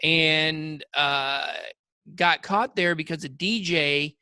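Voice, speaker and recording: A man's voice: on the high side, slow pace, sharp tone, clear, resonant tone, no room sound, clean studio sound. A man co-hosting a podcast, telling rambling, jokey stories with lots of fillers. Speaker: podcast co-host. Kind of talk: casual chat.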